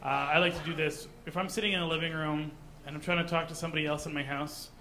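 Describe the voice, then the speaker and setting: A man from Canada doing a stand-up comedy set in a comedy club, mostly deadpan, with sudden loud put-on voices. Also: on the high side, fast talker, a little hiss or hum.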